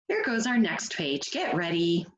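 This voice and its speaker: Animated woman teacher reading to kids. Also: lowish voice, a little slow, slight background noise, poor audio. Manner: encouraging, asks children questions, expressive. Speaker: first grade teacher. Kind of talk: read-aloud reading lesson for children.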